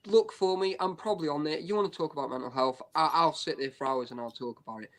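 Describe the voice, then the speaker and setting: A man's voice: on the high side, fast talker, a bit bright. A man talking bluntly and openly in a casual live-stream chat, full of "you know" and "right".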